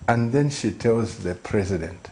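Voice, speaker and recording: A middle-aged man speaks as a pastor, telling his story in earnest with a low, mellow voice. He pleads and repeats phrases to drive them home. A faint hiss of noise sits under the recording. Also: animated, unhurried. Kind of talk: earnest storytelling on a talk show.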